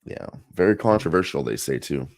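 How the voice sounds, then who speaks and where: A man co-hosting a live sports betting stream, low-key and laid-back, swearing casually. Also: lively intonation, a little fast, a little mellow, no echo, studio quality.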